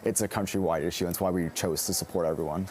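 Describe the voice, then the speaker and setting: A young man with a very low, mellow voice gives quick, matter-of-fact answers about his charity's reach. He talks fast in a TV interview, with faint noise behind him. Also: fairly even intonation. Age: young adult. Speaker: charity co-founder.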